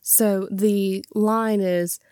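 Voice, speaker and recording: A woman's voice: medium pitch, fairly even intonation, extremely slow, dark tone, smooth, no room sound, studio quality. A woman hosting a podcast, chatting casually and animatedly about a classic film and retelling its scenes. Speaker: podcast host. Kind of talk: casual movie review chat.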